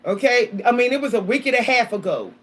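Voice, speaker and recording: A woman vlogger tells her audience about her week in a loose, animated chat. She repeats herself, keeps calling out to her viewers and breaks into laughter as she goes. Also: fairly high pitch, fast. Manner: animated, repetitive, addresses viewers as y'all, laughs often. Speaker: spiritual vlogger.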